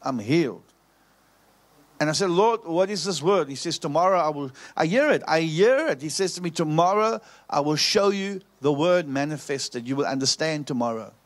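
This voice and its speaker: A man's voice: fairly high pitch, lively intonation, normal speed. A man preaching, telling a story and repeating phrases for emphasis. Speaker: pastor. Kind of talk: preaching sermon.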